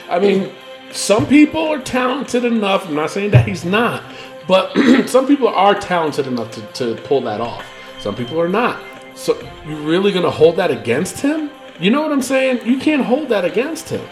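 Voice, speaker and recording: Rambling, animated podcast host, high-voiced, swears a lot. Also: male voice, moderate pace, faint music behind. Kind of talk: casual wrestling chat.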